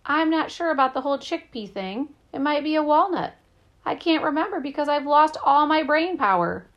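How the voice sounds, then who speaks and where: A woman voicing an anxious, nerdy boy who has lost his genius, stammering in a high, panicky voice. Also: animated, measured pace, dull audio. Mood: fretful. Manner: panicky, stammering, rising pitch.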